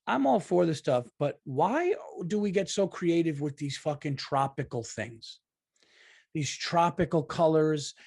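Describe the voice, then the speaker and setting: A man's voice: fairly high pitch, dry recording, clean studio sound. A man who is a comedian, hosting his own podcast alone and going on a swearing, exasperated rant full of restarts. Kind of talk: casual solo podcast rant.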